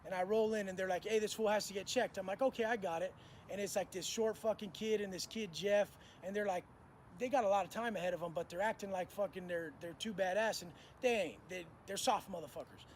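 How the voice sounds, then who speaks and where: In a casual monologue, a high-pitched man recounts prison stories in coarse street slang, playing the parts of the people he quotes. He talks fairly quickly over slight background noise.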